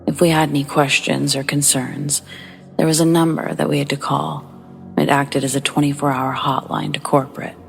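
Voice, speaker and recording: A woman narrating a scary story in a hushed, somber storytelling manner. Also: low voice, level tone, moderate pace, creaky, faint music behind.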